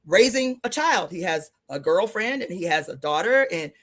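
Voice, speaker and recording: A woman's voice: on the low side, expressive, normal speed, fairly bright tone. A middle-aged woman guesting on a radio show, talking bluntly and emphatically with plenty of swearing. She tells her stories casually and laughs along the way.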